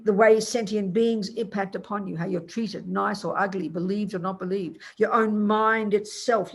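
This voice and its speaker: A woman's voice: mid-range voice, breathy edge. An older Australian woman, a Buddhist nun, teaching a class in a blunt, colloquial, teasing way, calling listeners darling.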